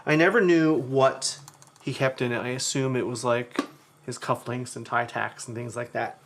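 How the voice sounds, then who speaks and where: A man's voice: mid-range voice, steady tone, normal speed, noisy background. A man hosting a live cooking demo, talking chattily to his viewers while he cooks. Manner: chatty storyteller who talks to the chat. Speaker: cooking show host.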